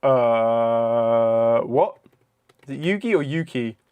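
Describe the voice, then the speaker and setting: Man, young adult, streamer, casual chat, unhurried, thinking aloud, lots of ums. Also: mid-range voice, animated, a little mellow, smooth. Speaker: live streamer. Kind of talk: casual live-stream chat during a trivia quiz.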